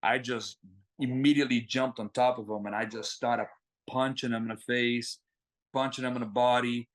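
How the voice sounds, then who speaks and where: A young man, a mixed martial arts fighter, telling a story in a casual interview and acting out the quoted lines. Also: normal speed. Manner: animated, acts out quoted lines with a rising pitch.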